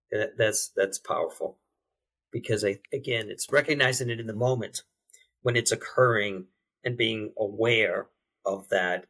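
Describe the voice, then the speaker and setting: Husky-voiced man, halting and reflective. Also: fairly low pitch, fairly bright tone. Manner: halting, many fillers and restarts, reflective. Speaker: podcast guest, behavior change specialist. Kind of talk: interview conversation.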